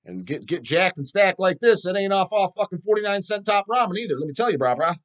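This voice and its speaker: A man's voice: high voice, fast. A middle-aged man hosting a metal channel, ranting profanely and answering viewer questions. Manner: profane, animated, mocks people in put-on voices.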